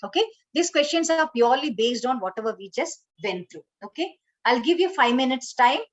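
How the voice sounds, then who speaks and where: A woman's voice: high-pitched, animated, fairly quick, low-quality recording. A woman teaching an online training session, instructive, often saying "okay" and "you know". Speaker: corporate trainer.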